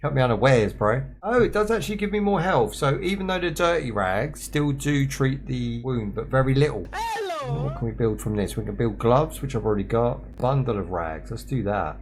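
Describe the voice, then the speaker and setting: A young man with a mid-range, animated voice streams a survival game at a normal pace. He chats and jokes with his viewers, talking both to chat and to himself in casual gameplay commentary.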